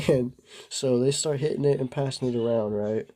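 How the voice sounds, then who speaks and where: A man's voice: mid-range voice, normal speed, background noise. A young man casually telling a rambling story to the camera, full of filler words and slang. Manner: rambling, laid-back, lots of "bro" and "like". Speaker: vlogger.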